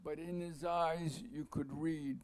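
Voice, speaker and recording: A man giving a masterclass, telling a long anecdote in a rambling, halting way, with asides to the audience. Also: on the high side, fairly even intonation. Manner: halting, many restarts and fillers. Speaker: masterclass speaker.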